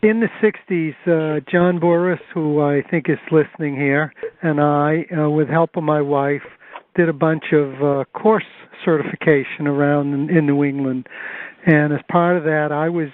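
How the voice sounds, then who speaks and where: An older man recalling his past in a measured, thoughtful way, with fillers, on a conference call. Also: fairly high pitch, steady tone. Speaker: retired course measurer. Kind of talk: reminiscing on a call. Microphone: telephone. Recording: phone-line conference call.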